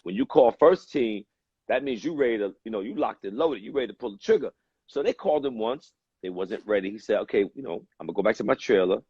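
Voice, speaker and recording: A man from the United States, a guest telling a story in a relaxed, rambling way, with many pauses and fillers. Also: lowish voice, husky, no room sound, highs cut off. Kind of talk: casual storytelling.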